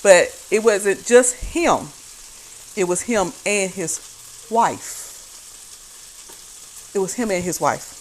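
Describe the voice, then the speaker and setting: A woman with a medium-pitched, lively voice speaks slowly and pauses often over poor audio. She hosts a casual talk stream from her home kitchen, cooking while she comments on church videos in a chatty, folksy way, laughing a lot and trailing off into fillers. Faint frying and sizzling can be heard behind her.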